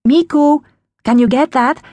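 A woman's voice: mid-range voice, wildly swooping pitch, normal speed, warm tone, slightly rough, no echo. A woman voicing an impatient mother calling her daughter from the kitchen. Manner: annoyed, calling out.

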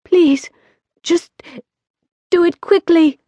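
Brief: woman reading a low-purring young female vampire, unhurried, dry studio sound. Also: dark tone, no room sound. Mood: pleading. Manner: low purring voice, turns to desperate pleading.

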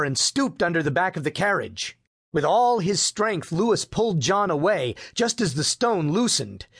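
A man's voice: fairly high pitch, a bit bright, breathy edge, no echo, studio quality. A man narrating a children's biography audiobook, giving the characters their lines. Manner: storytelling with voiced dialogue. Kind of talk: scripted narration.

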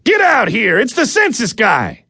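A man voicing a gruff rural gunman who barks every line, pitched well above the narrator's own voice. he yells loud when calling into the house. the reading is close and dry, with no room sound. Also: big pitch swings, unhurried, no room sound, full character voice. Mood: yelling. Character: gruff armed rural man, blustering then meek. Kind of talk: audiobook character voice.

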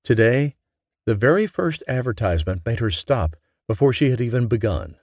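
A man reading a romance audiobook as narrator, in a gentle, measured way. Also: mid-range voice, lively intonation, no echo, clean studio sound. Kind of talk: scripted narration.

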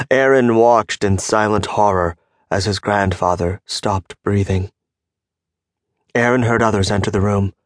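A man giving a measured, scripted audiobook narration on a close studio mic. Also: on the low side, dry recording. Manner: measured storytelling delivery.

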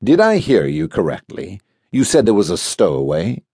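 A man's voice: sits low, huge pitch swings, moderate pace, vocal fry, warm tone, husky, no echo, clean studio sound, exaggerated voice. A man voicing a brusque ship captain who gives short, impatient orders to his crew. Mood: commanding. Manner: curt, commanding.

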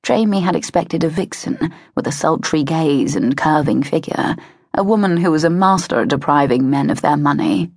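A woman narrating an audiobook in a measured, expressive way, close to a studio mic. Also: low voice, dry recording. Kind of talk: scripted narration of a historical romance.

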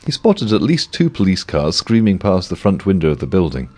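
A man's voice: deep voice, big pitch swings, a little fast, darkish tone. A man narrating a comic novel with a dry, wry delivery. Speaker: audiobook narrator.

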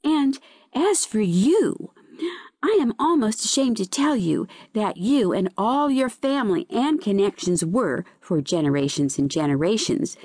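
A teasing, chatty storybook seaweed, as a woman reader puts it on, talks high and lilting with wide swings of pitch. It sounds close and dry with no room around it. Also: darkish tone, no echo. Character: chatty, mocking seaweed, quick to laugh.

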